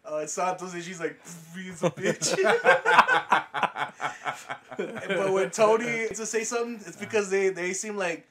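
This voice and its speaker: Higher-pitched man rambling about his family. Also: very animated, a little slow, pauses often, over a noisy crowd. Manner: rambling, swears casually, self-styled family clown. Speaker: podcast co-host. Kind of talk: casual chat.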